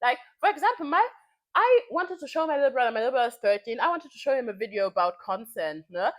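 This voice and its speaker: A woman's voice: fairly high pitch, lively intonation, fast talker. A woman in her twenties venting in a casual vlog, frank and heated, swearing freely and repeating phrases for emphasis. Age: 20s. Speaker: vlogger.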